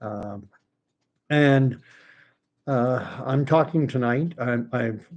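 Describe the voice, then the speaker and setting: Canadian male channel host, mid-pitched, chatty and digressive, casual live-stream delivery. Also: extremely slow, a little mellow. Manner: rambling, chatty, many fillers and asides. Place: home, talking to his dog.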